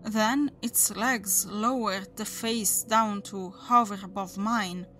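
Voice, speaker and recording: A woman reading a horror story aloud as its narrator, in a measured, deliberate storytelling manner. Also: mid-range voice, fairly even intonation, a bit bright. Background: faint background music.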